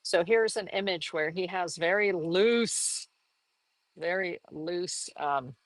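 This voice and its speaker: A woman giving a casual live painting lesson, chatty and upbeat, laughing often and jumping into high exclamations. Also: slow, no room sound, poor audio. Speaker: art teacher.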